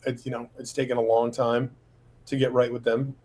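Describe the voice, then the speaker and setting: A man's voice: mid-range voice, little pitch movement, brisk, darkish tone, rough recording. A middle-aged man sharing a personal testimony from his home office, talking in a rambling, casual way with many fillers and quoted dialogue.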